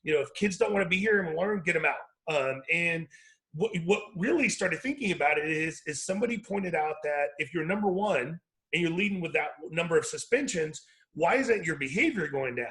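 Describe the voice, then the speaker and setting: A man's voice: fairly high pitch, expressive, a little fast, a bit bright, low-quality recording. Rambling, self-correcting man on a call. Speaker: educator, organization founder. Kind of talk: casual video call conversation. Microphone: video call.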